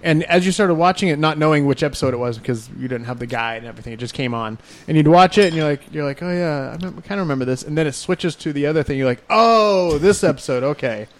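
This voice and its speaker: Fast-talking man, higher voice. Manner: rapid, talks with his hands, joking. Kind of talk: casual chat.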